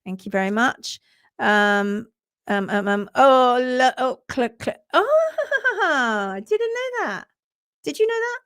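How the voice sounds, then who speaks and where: A woman's voice: high voice, big pitch swings, slow, a bit bright, no echo, clean studio sound. A woman co-hosting a podcast in casual live chat, passionate, often reading out viewer comments. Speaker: podcast co-host.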